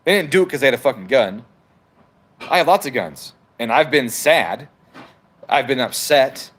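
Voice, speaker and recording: A man's voice: medium pitch, lively intonation, moderate pace, fairly bright tone. A man hosting a livestream from home, reading chat messages aloud and arguing back in a heated, profane, casual rant. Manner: profane, argumentative, talks back to comments.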